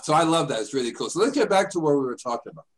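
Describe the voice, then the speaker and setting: A man's voice: a little high, expressive, rapid-fire, a loud crowd, poor audio. An older man hosting a radio show, chatting casually and rambling through stories. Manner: rambling storyteller, acts out voices in his anecdotes. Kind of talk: casual chat.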